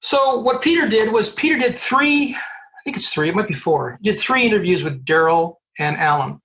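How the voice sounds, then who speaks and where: A man from Canada, a recruiter guest on a podcast, telling animated stories with acted-out dialogue and frequent restarts. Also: sits high, moderate pace, a little hiss or hum. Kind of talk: storytelling interview answers.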